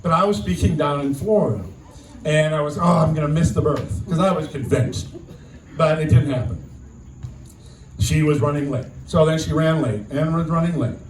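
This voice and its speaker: An older man giving a memorial speech as guest speaker, telling a personal story in a halting way, often repeating words. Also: a little high. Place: outdoor memorial gathering. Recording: distant echoey sound with faint noise.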